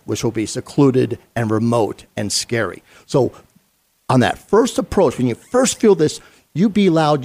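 A man's voice: mid-range voice, darkish tone. A middle-aged man, a retired police sergeant, telling a story in an interview in an earnest, conversational way with fillers and restarts.

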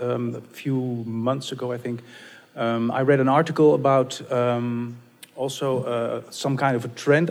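A man in the audience works his way through a long question with great hesitation. His sentences are broken up by constant ums and uhs. His voice sits at an average pitch. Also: a little mellow. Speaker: audience member asking a question.

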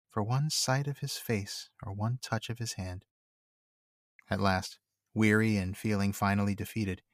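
A man with a fairly low voice co-hosts a book podcast, moving between casual chat and steady, measured reading. The recording is dry and close, with no room sound around him. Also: dry recording. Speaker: podcast co-host and reader.

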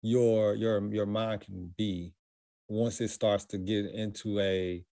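Thoughtful male podcast co-host; deep, warm tone; dry sound. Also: flat delivery, slow, creaky, no echo. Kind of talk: casual film discussion.

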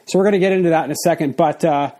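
Talking very fast in a mellow, slightly high voice, this forty-something man runs a casual one-man podcast. He sounds a little winded and rambles freely, restarting sentences and leaning on fillers.

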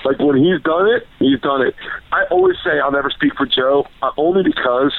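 A man telling stories in casual chat as a podcast guest, rambling, excitable and full of swearing. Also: on the high side, fairly quick, creaky. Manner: profane, rambling, excitable storytelling. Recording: tinny phone-line sound.

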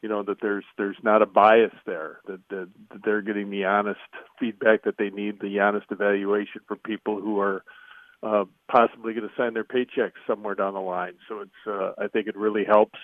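A man calling in to a sports radio show, speaking thoughtfully with halting fillers over the phone. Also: fairly low pitch, flat delivery, no room sound. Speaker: sports writer guest. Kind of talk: radio call-in interview. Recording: tinny phone line.

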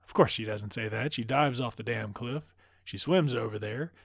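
Gravelly man doing a sarcastic movie recap. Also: mid-range voice, normal speed, no room sound, clean studio sound. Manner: sarcastic, rambling asides, heavy swearing. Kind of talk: profane comedic movie recap.

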